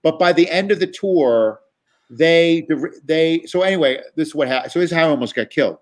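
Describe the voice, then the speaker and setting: A man tells road stories as a guest, casual and profane. His voice sits a bit high for a man. He restarts sentences often and piles on fillers as he goes. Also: fairly quick. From New York. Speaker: guest comedian. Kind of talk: casual storytelling.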